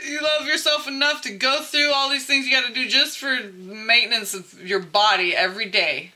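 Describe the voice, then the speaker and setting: A woman's voice: medium pitch, a little slow, bright, forceful tone. A woman giving a casual, chatty spiritual tarot reading straight to her viewers, laughing often and swearing freely. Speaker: tarot reader.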